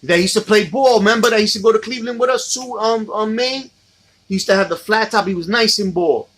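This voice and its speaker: Middle-aged New York man, husky, slightly high, casual livestream host swapping stories. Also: fast, a bit bright. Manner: reminiscing, reading out viewer comments.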